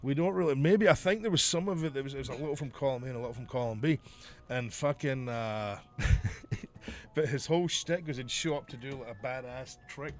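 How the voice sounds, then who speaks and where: A former wrestler who co-hosts a podcast tells stories in casual conversation, swearing a lot and laughing as he goes. His voice is mid-range and fairly quick, and he's an animated storyteller.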